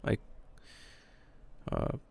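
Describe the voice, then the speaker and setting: A man's voice: very slow, a little mellow. A man streaming from home, thinking aloud as he checks how his microphone sounds at different distances. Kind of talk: casual mic-check rambling. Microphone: desk mic, moving nearer and farther.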